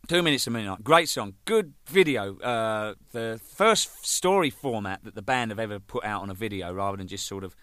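Man, anecdotal storytelling, swears a lot, dry close sound, bright tone. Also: on the low side, moderate pace, few pauses, clear, resonant tone, no echo. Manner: animated, swears freely, laughs at own jokes. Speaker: band drummer.

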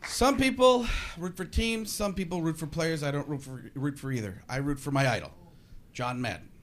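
A man's voice: fairly high pitch, moderate pace, crowd noise. A man doing a sarcastic stand-up comedy routine, acting out voices. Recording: live stand-up with noise.

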